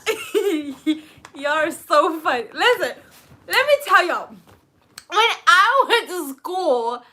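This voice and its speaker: A woman's voice: very high-pitched, very animated, takes it slowly, pushed and bright. A woman co-hosting a live stream, chatting casually, teasing and laughing often. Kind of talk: casual chat.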